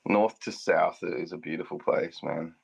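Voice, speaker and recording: A man making dry, deadpan quips in casual live stream banter. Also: sits low, normal speed, vocal fry, slightly rough.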